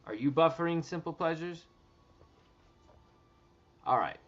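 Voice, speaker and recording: A man's voice: a little high, animated, measured pace, fairly bright tone. A man chatting casually on a livestream while typing, rambling and swearing freely and repeating his words, on dull lo-fi audio with faint music behind.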